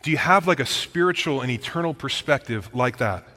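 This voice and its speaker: A man's voice: lively intonation, brisk. Male preacher in a reverberant hall. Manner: direct, conversational preaching with rhetorical questions; drops into a quiet, low voice when telling a personal story. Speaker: pastor. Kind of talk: sermon. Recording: long reverb of a large hall.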